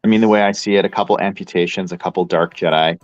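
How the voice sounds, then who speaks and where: A man's voice: sits low, fairly even intonation, fast, highs cut off. A man in casual chat, laid-back and wry.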